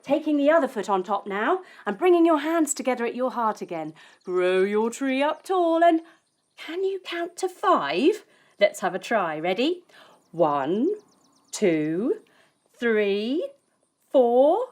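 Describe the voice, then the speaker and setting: Playful, expressive woman storyteller. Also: sits high. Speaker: kids' yoga teacher. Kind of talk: storytelling yoga lesson for children.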